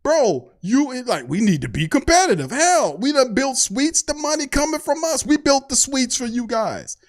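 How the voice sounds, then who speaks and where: This is a man whose voice sits high for a man. He rants heatedly as a show host, preachy and profane, and slips into mocking asides now and then. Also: very animated, moderate pace. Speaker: sports podcast host. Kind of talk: heated fan rant.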